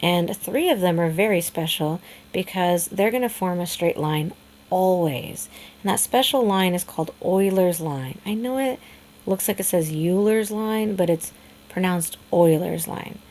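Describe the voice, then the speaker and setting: A woman teaching a high school math lesson in a casual, chatty way, with frequent fillers and restarts. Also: expressive, moderate pace, darkish tone. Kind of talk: classroom lecture video.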